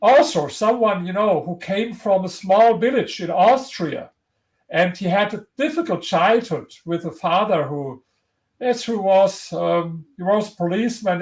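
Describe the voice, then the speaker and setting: High-voiced man with German accent. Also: rough recording. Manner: earnest, motivational, frequent restarts. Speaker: interview guest, author. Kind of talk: conversational interview.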